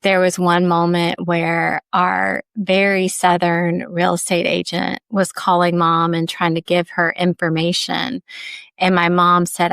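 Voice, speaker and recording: A woman's voice: fairly low pitch, little pitch movement, normal speed, creaky, a bit bright, clean tone, no room sound, clean studio sound. A woman from Ohio hosting a podcast, sharing personal stories candidly, often saying "like" and laughing lightly. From Ohio, USA. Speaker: podcast host. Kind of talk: reflective personal storytelling.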